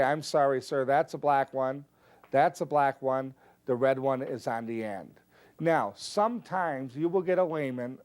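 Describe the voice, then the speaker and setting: A man teaching a card trick, calmly explaining each move step by step and acting out his stage patter. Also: a little high. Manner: relaxed, explanatory, steps through moves one by one. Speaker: magic teacher. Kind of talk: instructional explanation with performed patter.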